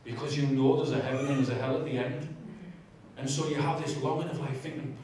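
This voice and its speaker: A man sharing his testimony in a church, with animated, self-mocking storytelling and asides to the audience. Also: medium pitch, fast talker, a little hiss or hum. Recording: echoey church hall, distant mic.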